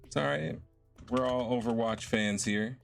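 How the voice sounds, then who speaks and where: A man's voice: mid-range voice, measured pace, creaky. A young man chatting casually and laughing often while he streams a game. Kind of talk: casual live-stream chat while gaming. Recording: faint game music behind.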